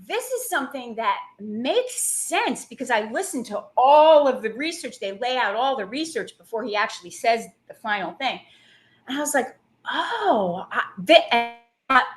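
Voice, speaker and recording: A woman guest, a plant-based health coach, telling a personal story in an interview in a lively, animated way with many fillers. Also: a little high. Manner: animated storytelling with lots of "like" and acted quotes.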